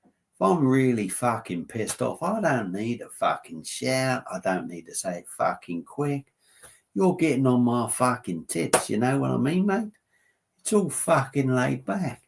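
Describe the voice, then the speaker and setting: A man doing an unhurried, drawling Australian bloke who swears calmly and never shouts. The delivery is slow and easygoing, soft rather than loud. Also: fairly high pitch, creaky, slight background noise, voice pushed up. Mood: laid-back.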